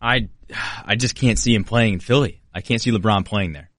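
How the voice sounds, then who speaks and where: A man's voice: lowish voice, brisk, fairly bright tone, no echo, studio quality. A man co-hosting a sports podcast, skeptically pushing back on the host in casual talk.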